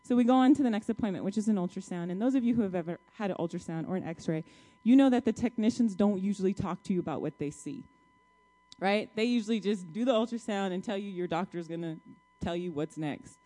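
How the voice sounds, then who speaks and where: A woman's voice: mid-range voice, quick pace, dark tone. A married woman telling her testimony to a congregation in a colloquial, emphatic storytelling style, talking straight to her listeners. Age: adult, married, child-bearing years. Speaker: church speaker sharing a testimony.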